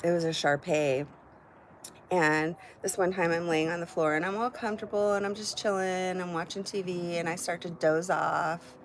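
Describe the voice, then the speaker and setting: Indoors at her home, a middle-aged woman hosts a live stream, chatting casually and candidly with viewers and swearing freely. Her voice is on the low side, with a steady tone and moderate pace.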